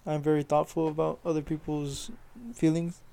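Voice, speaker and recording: A man's voice: fairly high pitch, flat delivery, normal speed, vocal fry, mellow. A young man chatting casually with friends, laid-back, swearing freely and laughing often. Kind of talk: casual chat.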